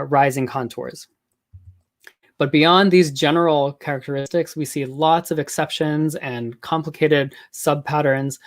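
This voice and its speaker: A man giving an academic conference talk on linguistics, explaining patterns step by step with frequent ums, uhs and self-corrections. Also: on the high side. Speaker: linguistics lecturer.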